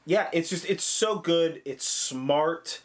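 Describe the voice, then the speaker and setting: A man co-hosting a casual film review chat who talks excitedly, swears a lot and acts out scenes in quoted voices. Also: fairly high pitch, takes it slowly. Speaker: podcast co-host reviewing films.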